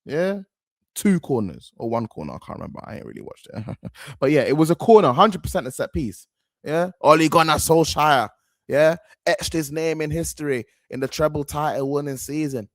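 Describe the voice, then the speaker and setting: A man's voice: fairly high pitch, animated, normal speed, no echo, studio quality. A young man, giving slangy, rambling, outspoken reaction commentary as a football fan host.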